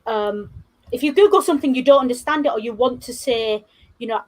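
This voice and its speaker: A woman co-hosting a casual podcast chat, telling stories in a blunt, sweary, animated way. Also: a little high, fairly quick. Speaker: co-host.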